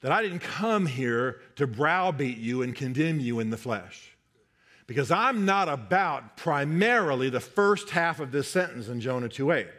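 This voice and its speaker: A man's voice: medium pitch, expressive, moderate pace, fairly bright tone. A man preaching a sermon, emphatic, often repeating key phrases for effect. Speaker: pastor.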